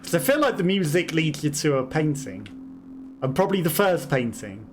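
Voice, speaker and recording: A man's voice: a little high, very animated, moderate pace. A man hosting a let's play, chatting and musing aloud with chuckles as he plays. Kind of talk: casual gameplay commentary. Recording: game music behind the voice. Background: game music.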